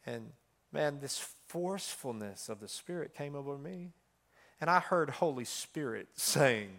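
A middle-aged man preaching a sermon in a chatty style full of fillers, swinging between loud passages and hushed ones. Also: fairly high pitch, animated, measured pace, gravelly.

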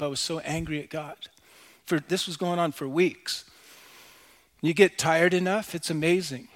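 Middle-aged preacher guy, kinda high voice, booming then going real soft and personal. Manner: swings from loud proclamation to quiet confession. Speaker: pastor. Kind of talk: sermon.

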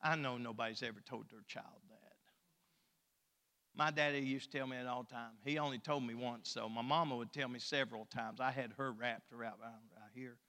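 An older man, preaching a folksy, joking sermon that swings between loud and soft. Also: medium pitch, fairly even intonation, moderate pace, long reverb tail.

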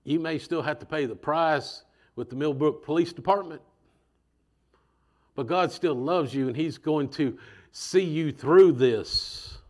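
Male preacher, slightly high voice, conversational and animated, acts out voices. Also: a little slow. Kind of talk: sermon.

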